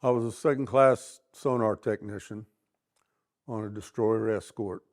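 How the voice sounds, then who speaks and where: A man, a Navy veteran, telling a story in a steady, matter-of-fact way in an interview. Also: fairly low pitch, a little slow.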